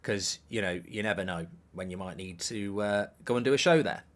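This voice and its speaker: A man's voice: fairly low pitch, a little fast. Middle-aged guy rambling and swearing through a live football watchalong, reading out viewer messages. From England. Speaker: host.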